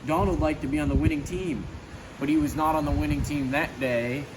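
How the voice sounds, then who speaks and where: A man's voice: a little high, steady tone, brisk, background noise. Man reading a storybook aloud, chatty. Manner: plain, chatty, with small stumbles. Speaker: storybook reader. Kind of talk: casual storybook read-aloud with commentary.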